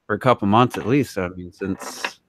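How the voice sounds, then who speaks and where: A man's voice: on the low side, moderate pace. A man hosting a podcast, chatting casually and welcoming a guest, with frequent ums and uhs. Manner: relaxed, hesitant with frequent fillers. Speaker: podcast host. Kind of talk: casual chat.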